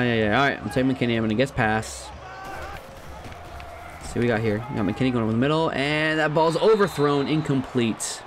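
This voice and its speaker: A gaming commentator gives casual let's-play commentary on a football video game, chatting, thinking aloud and laughing at himself, then bursting into loud shouts at big plays. His voice is mid-range, with slight background noise.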